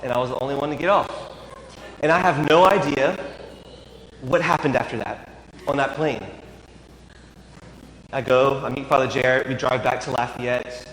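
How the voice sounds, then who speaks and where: A man's voice: medium pitch, a bit bright, slight background noise. A man, a priest, telling a humorous story in a sermon with dry, wry asides. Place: church. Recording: echoey church with long reverb.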